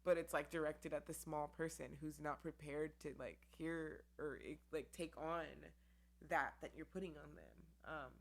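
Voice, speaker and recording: Woman podcast host, low voice, candid rambling chat with plenty of "um" and "like", talking to camera. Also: moderate pace. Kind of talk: casual solo podcast chat. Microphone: camera with mic.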